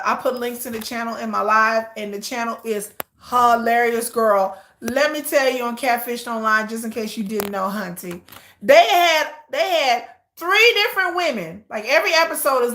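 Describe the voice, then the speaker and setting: A woman hosting a live stream, chatting casually and gossipy, animated, often bursting into laughter and shrieks. She talks straight to her viewers, calling them "girl.". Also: on the high side, moderate pace, a little hiss or hum. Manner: animated, laughing, shrieks and squeals names at the screen. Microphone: phone or camera on a tripod.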